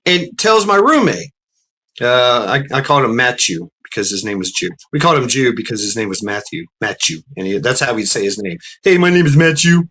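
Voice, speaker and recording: A middle-aged man telling a long, profane story in casual chat, stumbling over restarts and acting out quotes in a raised, shouting voice. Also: medium pitch, big pitch swings, brisk, slightly rough. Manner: profane, rambling, frequent restarts.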